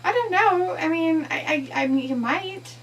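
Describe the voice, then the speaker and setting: A woman's voice: very high voice, animated, moderate pace. A woman co-hosting a livestream, chatting casually, reading viewer comments aloud and laughing often. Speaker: livestream co-host. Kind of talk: casual chat while watching wrestling. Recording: distant mic with faint hum.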